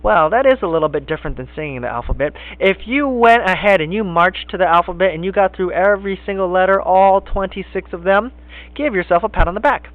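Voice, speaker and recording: A man teaching a kindergarten phonics lesson, speaking slowly and encouragingly in sing-song teacher talk. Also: sits high, dry recording. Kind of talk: recorded classroom phonics lesson. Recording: tinny phone-like lo-fi sound.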